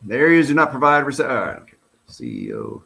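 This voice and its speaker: A man's voice: mid-range voice, fairly quick, vocal fry. A middle-aged man, a retired police officer, giving casual, blunt and profane commentary while reading through a report. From United States. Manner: blunt, profane, animated and heated.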